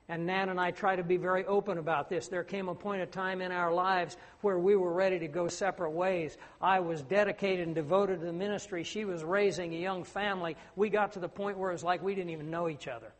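A middle-aged man preaching a sermon, earnest and rising to emphatic declamation. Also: high-pitched. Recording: long hall reverb.

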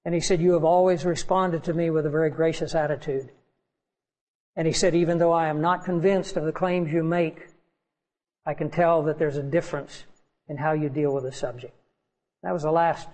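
A man's voice: a little high, darkish tone, low-quality recording. A man preaching a sermon as pastor, earnest and pleading with his congregation.

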